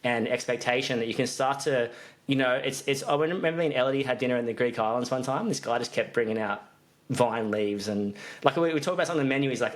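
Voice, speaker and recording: A man's voice: mid-range voice, fast talker. A man co-hosting a business podcast in casual chat, rambling with restarts and fillers. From Australia. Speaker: podcast co-host, business coach.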